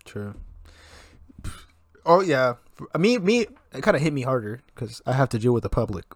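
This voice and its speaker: A man co-hosting a podcast, chatting casually in a profane, animated way and telling stories. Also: mid-range voice, moderate pace, no room sound. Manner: profane, animated storytelling with laughs. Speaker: podcast co-host. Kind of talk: casual chat.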